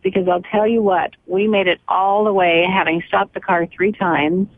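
An older woman co-hosting a radio show, chatting lively about family life. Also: medium pitch, normal speed. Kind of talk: casual radio chat. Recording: dry, narrow phone-like radio sound.

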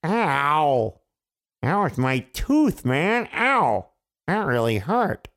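Panicky king, put on by a male storyteller, yelping, whiny, gravelly voice. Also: fairly high pitch, big pitch swings, a little fast, slight background noise. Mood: whiny pained. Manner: yelps and wails in pain.

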